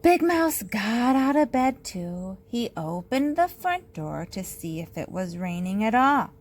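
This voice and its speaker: A woman teacher reading a picture book aloud with slow, expressive storytelling. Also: on the high side, rough recording.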